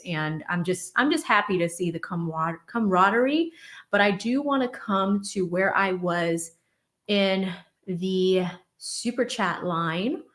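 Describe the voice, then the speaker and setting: A woman's voice: lowish voice, reverberant. A woman in her thirties from Boston, hosting a livestream of legal commentary and reading out viewer messages in a chatty way. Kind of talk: livestream commentary and chat shout-outs.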